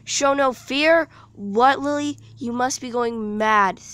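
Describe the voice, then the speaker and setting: A woman voicing an excitable girl who panics easily, reading her lines in a storybook. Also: on the high side, slow, vocal fry, voice pushed up. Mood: alarmed. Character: excitable jumpy girl, loud and scared.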